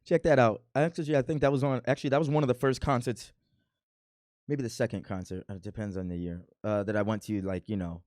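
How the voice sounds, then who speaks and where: A man's voice: fairly low pitch, steady tone, fast, darkish tone, dry recording, clean studio sound. A man in his thirties from Milwaukee, casually reacting to his old video in a playful, boastful, rambling way. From Milwaukee, USA. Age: 30s.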